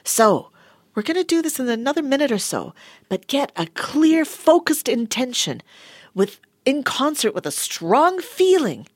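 A woman giving a motivational talk and guiding affirmations in a studio, animated, laughing often and dropping into soft whispers. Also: sits high, unhurried, slightly rough, dry recording. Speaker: wellness speaker. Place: studio with a sound engineer.

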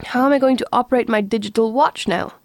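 A woman's voice: fairly high pitch, quick pace, no echo, voice pushed up, lightly acted. A woman reading aloud, voicing a bewildered, polite young man who makes dry, understated remarks. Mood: alarmed. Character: bewildered polite young Englishman, mildly anxious.

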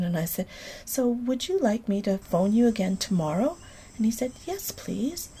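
Soft-spoken woman, somewhat low voice, gentle storyteller, faint crickets and birds outside. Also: a little hiss or hum. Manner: gentle, often drops to a soft near-whisper. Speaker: medical clown and laughter leader. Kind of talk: storytelling in an interview.

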